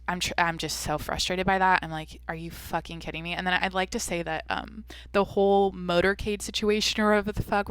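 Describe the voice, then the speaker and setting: A woman's voice: lowish voice, pushed and bright, no echo. A young woman hosting her own podcast, rambling and venting in a casual, swearing, filler-heavy way. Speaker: podcast host. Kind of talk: casual solo podcast rant.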